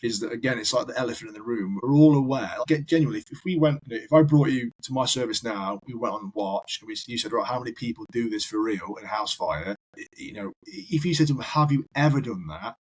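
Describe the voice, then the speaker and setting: A man's voice: medium pitch, lively intonation, fast talker, few pauses, a little mellow, slightly rough, poor audio. A man, a firefighter guest on a podcast, telling long rambling anecdotes in casual chat. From United Kingdom. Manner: rambling anecdotal storyteller, repeats words.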